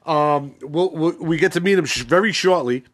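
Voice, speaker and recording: A man with a higher-pitched voice talks at a normal speed as he hosts a podcast. He recaps a crime series in a rambling, casual, profane way, full of fillers and restarts.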